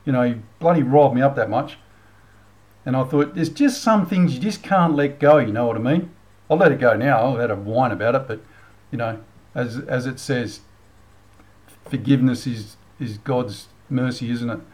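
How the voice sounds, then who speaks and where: A man's voice: medium pitch, normal speed, darkish tone, low-quality recording. Blunt, heated Australian man ranting. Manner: blunt, heated, swears freely. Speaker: channel host. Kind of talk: ranting commentary with prayer.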